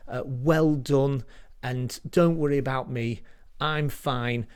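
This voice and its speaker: A man's voice: mid-range voice, steady tone, slow, a little mellow, smooth. A man, likely in his forties, performing a stand-up comedy set in a rambling, self-deprecating way, with many restarts.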